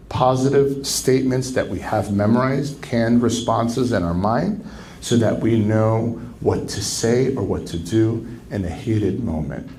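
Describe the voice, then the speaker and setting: A man speaking as a marriage counselor at a conference, lecturing in an animated way and acting out quoted speech with sharp jumps in pitch. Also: unhurried, slight background noise, poor audio. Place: conference venue.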